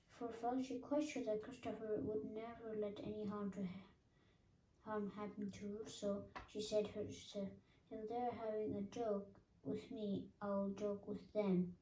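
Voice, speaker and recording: A woman reading a children's book aloud at a careful, halting pace, with small slips and restarts. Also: mid-range voice, mellow, recorded from a distance, slight background noise. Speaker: reader. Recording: echoey room, voice off-mic.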